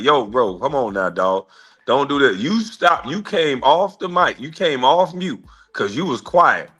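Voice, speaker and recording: A man's voice: medium pitch, sharp tone. A man hosting an online panel, pressing another speaker with repeated pointed questions. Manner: pressing, interrogating. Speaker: panel host. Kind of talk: heated argument.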